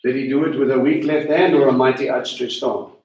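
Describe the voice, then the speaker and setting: A man giving sermon-style teaching in an animated, questioning way, slowing down on the words he wants to land. His voice sits at a medium pitch. It is heard from a distance in a roomy, echoing hall. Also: highs cut off. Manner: animated, questioning, slows to stress key words. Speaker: teacher leading a Passover Seder. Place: congregation hall. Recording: echoey room, voice from a distance.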